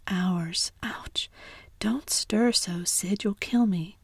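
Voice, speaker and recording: A woman's voice: medium pitch, drawn-out words, husky, no room sound, clean studio sound, exaggerated voice. Tom Sawyer, a whispered woman doing a mischievous boy. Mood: plaintive. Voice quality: whispered, groaning, plaintive. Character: boy, mischievous, faking illness. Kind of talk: whispered role-play.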